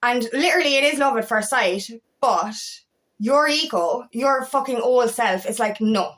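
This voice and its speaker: A woman's voice: fairly high pitch, normal speed, a bit bright. A woman coach talking casually to camera, emphatic and swearing freely, with exasperated outbursts. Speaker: feminine empowerment coach.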